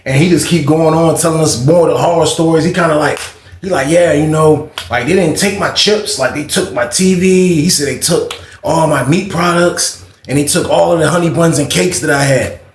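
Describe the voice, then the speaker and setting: A man's voice: fairly high pitch, moderate pace, a little hiss or hum. A young man telling a story from his life in a casual, slangy way, acting out the dialogue as he goes. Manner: slangy, animated retelling with quoted dialogue. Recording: roomy echo.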